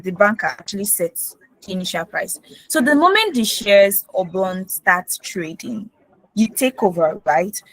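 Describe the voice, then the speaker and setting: A woman moderating a finance webinar, asking questions slowly and restating them. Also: mid-range voice, a bit bright, low-quality recording. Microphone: video call.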